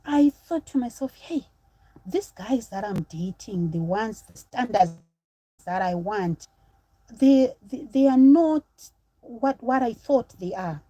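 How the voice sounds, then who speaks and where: A woman's voice: a little high, animated, slow, warm tone, no room sound, low-quality recording. A woman from Zimbabwe in her thirties, chatting on a live stream, telling a personal story to viewers and breaking off to thank supporters.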